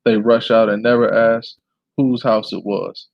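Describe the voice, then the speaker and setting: A man reading a memoir aloud in an unpolished way, with small restarts and some throat clearing. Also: on the low side, fairly even intonation, measured pace, no room sound, muffled recording.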